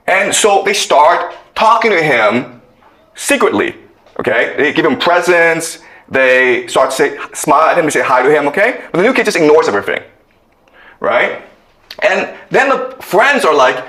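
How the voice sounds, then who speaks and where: A man's voice: a little high, sing-song, moderate pace, a bit bright. A man giving a lecture, telling a story and often checking in with okay. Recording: echoey room.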